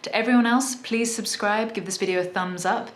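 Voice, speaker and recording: A woman's voice: mid-range voice, steady tone, a little fast, roomy sound. A woman in her thirties with a southern English accent, chatting thoughtfully in a casual question-and-answer vlog. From south of England. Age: 30s. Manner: chatty, thoughtful, many small restarts. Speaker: musician vlogger.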